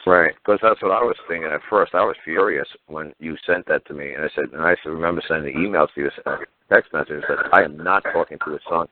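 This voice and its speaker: A man's voice: extremely low pitch, quick pace. A man hosting a call-in radio show, telling stories in a blunt, heated, profane way. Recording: phone-like narrow audio.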